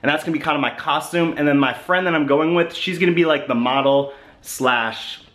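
A man's voice: fairly high pitch, pushed and bright. A young man with the hiccups chatting casually to his vlog camera, rambling with lots of fillers. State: has the hiccups. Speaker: vlogger.

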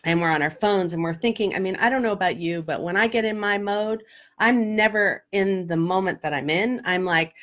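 A woman's voice: mid-range voice, a little fast, a bit bright. A middle-aged woman, a life coach, telling a story straight to camera in a candid, emotional way, with many fillers. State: tearful at times. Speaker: life coach and vlog host. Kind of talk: casual direct-to-camera vlog.

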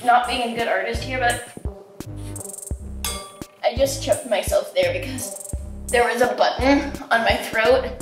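A woman vlogger chatting playfully and joking while she holds a contortion pose, sounding a little strained. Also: fairly high pitch. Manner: playful, joking, bossy toward her helper. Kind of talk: casual vlog chat. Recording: echoey room with background music.

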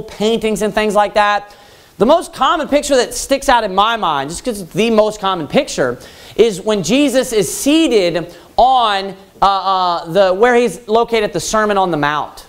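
A man preaching a Baptist sermon loudly and emphatically, repeating his points and rising to yelling. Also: high voice, animated, moderate pace. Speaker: pastor.

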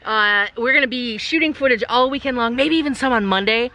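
A woman's voice: a little high, a little fast, pushed and bright, dry recording. A woman hosting a casual vlog outdoors at a lakeside cabin, chatty and playful as she talks straight to her viewers. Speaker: vlog host.

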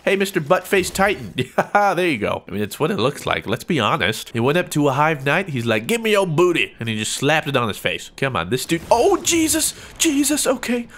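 A young man giving jokey, excitable commentary over his own gameplay as a gaming YouTuber. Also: a little high. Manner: excitable, jokey, prone to yelps and laughs.

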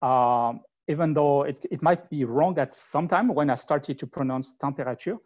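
A man with a French accent giving a live technical conference talk with demos. He speaks in a halting, conversational way and thinks aloud as he goes. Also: fairly high pitch, darkish tone. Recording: slightly muffled online talk recording.

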